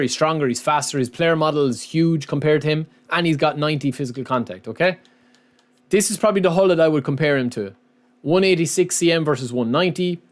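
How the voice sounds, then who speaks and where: A man with a slightly high voice chats casually on his live stream. He keeps calling his viewers lads and man, thanking them as he goes. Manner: chatty, says lads and man often.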